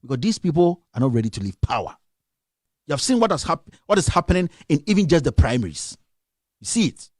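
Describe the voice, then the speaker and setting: Fired-up Ghanaian man, animated and dry. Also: a little high, fast, no room sound. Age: young adult. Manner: impassioned, scolding, rhetorical questions. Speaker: radio commentator. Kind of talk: political rant on a live stream.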